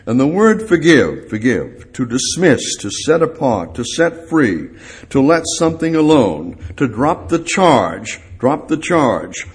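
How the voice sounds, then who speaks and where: A very animated man preaches a sermon haltingly, repeating phrases for emphasis, his voice rising on key words before dropping low.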